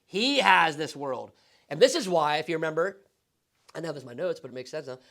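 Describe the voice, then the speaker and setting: Man, pastor, high voice, casual bible class, asks questions, says "right?" a lot. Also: expressive, fairly quick, gravelly, fairly bright tone. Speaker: pastor teaching Bible study. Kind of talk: conversational Bible teaching. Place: church classroom.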